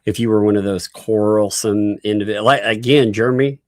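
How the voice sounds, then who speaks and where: A man's voice: lowish voice, steady tone, a little fast, darkish tone, dry recording. A man hosting a casual live-stream commentary, rambling, laughing often and restarting his sentences. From Southern United States. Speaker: YouTube commentary host.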